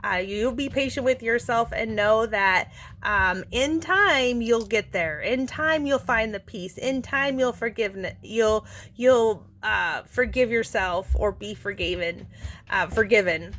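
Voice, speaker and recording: Gentle earnest woman explaining. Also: a little high, unhurried, slight background noise. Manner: gentle, earnest, many fillers and restarts. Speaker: self-help vlogger. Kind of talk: casual instructional talk to camera.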